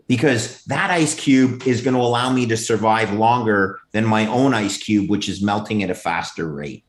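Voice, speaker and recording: A man chatting casually as a guest on a video call, emphatic and animated. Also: fairly low pitch, normal speed, hardly any pauses, echoey room. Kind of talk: casual chat.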